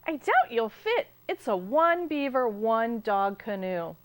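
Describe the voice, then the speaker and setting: An exasperated young paddler from a picture book who keeps listing every animal already crammed aboard, with a lively, swooping voice, as a woman reading aloud plays her. The words come slowly and clearly. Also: fairly high pitch. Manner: counting off each animal in a sing-song list. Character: firm young canoe paddler, patient but fed up.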